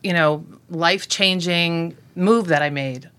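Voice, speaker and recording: Woman in her 40s, raspy, bright forceful tone, lowish pitch, relaxed storyteller. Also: measured pace. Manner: relaxed storytelling with many um fillers. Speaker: guest, blog founder. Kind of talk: podcast interview conversation.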